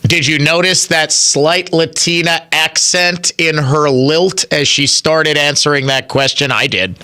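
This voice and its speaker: Male talk radio host, slightly high-pitched and sharp-toned, opinionated and conversational. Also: steady tone, unhurried. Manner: conversational, argues his points, addresses listeners directly. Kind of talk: opinionated political commentary.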